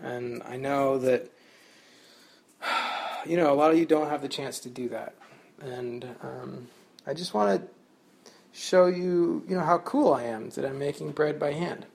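A man's voice: fairly high pitch, a little slow, creaky, long pauses, breathy edge. A man hosting a casual solo podcast from his kitchen at home, rambling and joking with self-mocking humor. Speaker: podcast host.

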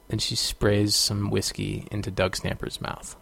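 A man's voice: fairly low pitch, monotone, moderate pace, vocal fry, hardly any pauses, husky. A man hosting a podcast, telling a story in a casual monologue, rambling with fillers and bursting into exclamations. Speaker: podcast host.

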